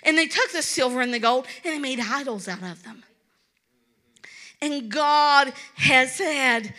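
A woman's voice: sits high, unhurried, pauses often, pushed and bright. A woman from Kentucky with a Kentucky accent, preaching an earnest, pleading sermon and repeating words for emphasis.

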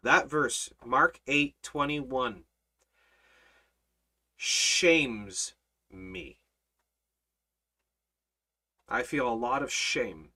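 Bright-voiced emphatic Bible study teacher. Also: mid-range voice, extremely slow, long pauses. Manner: emphatic, swings from hushed to loud rhetorical questions; repeats phrases for emphasis.

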